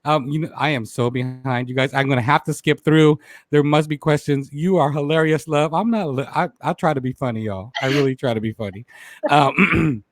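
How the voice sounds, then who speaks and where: A man hosting a casual live-stream talk show, animated, greeting viewers by name and laughing often. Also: on the high side, fairly quick, no echo.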